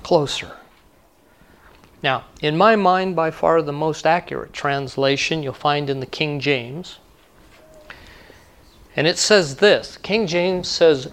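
A man's voice: on the high side, animated, slow, pauses often, a bit bright. A male pastor preaching a sermon in a conversational way, repeating key lines for emphasis.

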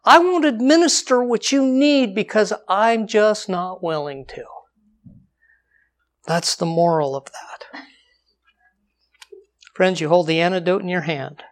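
A man preaching a sermon, slowing down for scripture and rising sharply for emphasis. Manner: dynamic delivery, slows for scripture, jumps high for emphasis, drops to quiet.

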